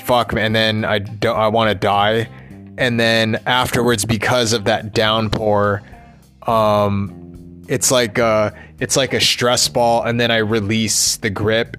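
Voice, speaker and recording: A man's voice: on the low side, a bit bright. A man thinking aloud in a rambling personal monologue, restless and swearing as he questions himself.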